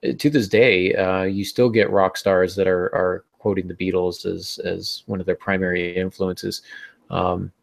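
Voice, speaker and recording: A man co-hosting a podcast about writing, chatting casually, cracking easy jokes and speaking haltingly with many fillers. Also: low voice, little pitch movement, vocal fry. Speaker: podcast co-host.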